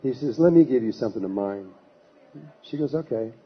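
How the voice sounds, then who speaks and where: A man's voice: medium pitch, expressive, a little fast, husky. A man giving a talk, telling a long anecdote in a rambling way and acting out the voices of the people in it. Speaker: lecturer. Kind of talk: storytelling talk. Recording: dull lo-fi recording.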